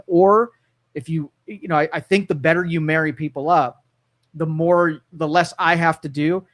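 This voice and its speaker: A man's voice: on the high side, no room sound. A man co-hosting a radio talk show, musing casually with frequent restarts and repeated words. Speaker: co-host. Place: radio studio. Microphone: studio microphone.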